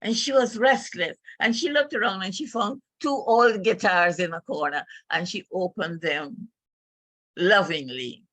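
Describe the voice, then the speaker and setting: Bright-voiced older woman telling a family story. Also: lowish voice, no echo. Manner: storytelling, emotional and halting. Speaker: speaker at a club meeting. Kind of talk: personal story speech.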